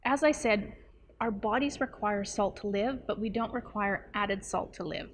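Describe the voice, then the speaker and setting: A woman's voice: medium pitch, normal speed, a little hiss or hum. Chatty woman explaining to camera. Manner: chatty and explanatory, with playful asides. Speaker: nutrition coach. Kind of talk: casual talk to camera.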